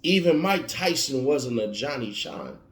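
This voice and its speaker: A man delivers a motivational monologue in an emphatic, preachy way, driving his points home through repetition. His voice sits at an ordinary middle pitch. The recording carries a noticeable roomy echo. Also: expressive, a little slow. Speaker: motivational speaker.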